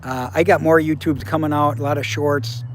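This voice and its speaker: A man's voice: a little high, flat delivery, moderate pace, slight background noise. A man in his seventies talking casually to viewers on a livestream, blunt and profane, handing out life advice. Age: 70s. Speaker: livestream host.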